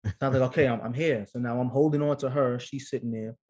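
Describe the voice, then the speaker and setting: A man's voice: mid-range voice, fast talker. A man in his thirties, a guest on an interview, telling a personal story casually and acting out the voices of the people in it. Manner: animated storyteller, acts out quotes. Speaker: guest, actor and father.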